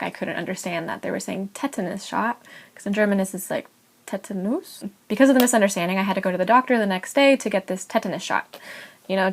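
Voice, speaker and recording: Chatty young American woman vlogging. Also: mid-range voice. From California. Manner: chatty and animated, with frequent "like" and laughs. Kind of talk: casual storytelling vlog.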